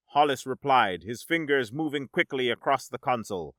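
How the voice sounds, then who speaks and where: A man narrating a science-fiction story in a dramatic, measured audiobook style. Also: mid-range voice, animated, a bit bright, no room sound, clean studio sound.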